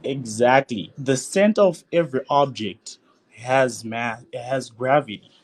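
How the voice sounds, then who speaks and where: A man calling in to a livestream debate, explaining his point in a halting, hesitant way with restarts. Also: mid-range voice. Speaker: caller.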